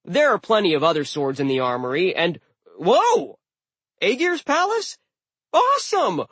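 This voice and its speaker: A giddy, high-voiced talking sword. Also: male voice, big pitch swings, a little slow, a bit bright, husky, no room sound, heavily acted. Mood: excited chatter. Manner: breezy, amiable, gushing. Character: excitable chatty male talking sword.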